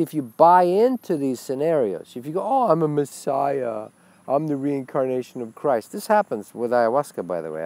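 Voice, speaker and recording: Man, mid-pitched spiritual teacher, blunt and profane webcast talk. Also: darkish tone. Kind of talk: webcast monologue.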